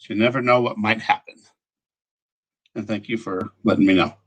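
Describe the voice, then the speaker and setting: A man hosting a casual livestream, rambling as he checks his audio, greets viewers by name and often clears his throat. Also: lowish voice, fairly even intonation, normal speed, a bit bright, rough recording. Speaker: livestream host.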